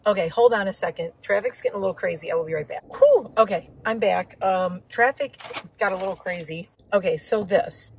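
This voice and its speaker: A woman's voice: mid-range voice, a little fast, low-quality recording. A woman talks casually to her viewers while she drives, rambling from one topic to the next with plenty of asides. Her throat is a little sore. A faint hum of the car sits under her voice. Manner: rambling, chatty, frequent asides. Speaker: vlogger. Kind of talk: casual chat while driving. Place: inside a car on the road.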